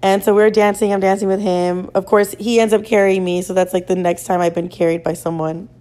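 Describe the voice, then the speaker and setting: A woman's voice: mid-range voice, level tone, fairly quick, warm tone. Chatty young woman telling a story. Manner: chatty, swears freely, full of "like" fillers. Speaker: podcast host. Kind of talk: casual storytelling.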